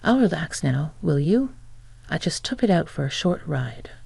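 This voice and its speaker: A woman's voice: low-pitched, very animated, normal speed, vocal fry, darkish tone, breathy edge, dry recording, exaggerated voice. A woman voicing a smug, entitled middle-aged mother-in-law who speaks nonchalantly and taunts.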